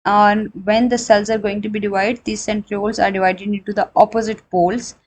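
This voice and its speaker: A woman's voice: medium pitch, level tone, a little fast, breathy edge, low-quality recording. Woman lecturing on biology. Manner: explanatory, repeats and rephrases points, frequent fillers; switches into Hindi for examples. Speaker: biology teacher. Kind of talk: recorded classroom lecture.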